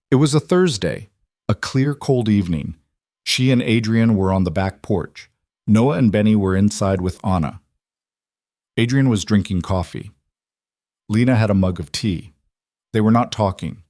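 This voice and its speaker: Male narrator for a dramatic story, low pitch, measured, dry. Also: a little mellow, no echo.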